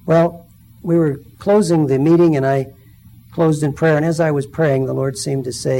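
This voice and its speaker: Middle-aged male lay preacher, mellow tone, slightly high, storytelling testimony. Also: fairly even intonation, normal speed, rough recording. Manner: storytelling, acts out quoted voices. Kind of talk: personal testimony sermon.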